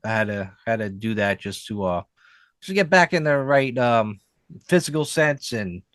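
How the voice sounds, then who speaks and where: A man's voice: on the low side, normal speed, dry recording. Guy co-hosting a podcast, rambles a lot, likes, you knows, dry sound. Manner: rambling, lots of fillers, animated storytelling. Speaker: podcast co-host. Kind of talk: casual chat.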